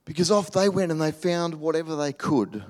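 Preacher in an echoing hall. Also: male voice, on the high side, normal speed. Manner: animated, acts out quoted voices, drops to soft near-whispers. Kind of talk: sermon. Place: church hall. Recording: reverberant hall.

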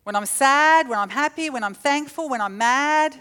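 A middle-aged woman preaching a sermon, telling stories with animated, acted-out quotes. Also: sits high, moderate pace. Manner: animated storytelling, acts out quotes.

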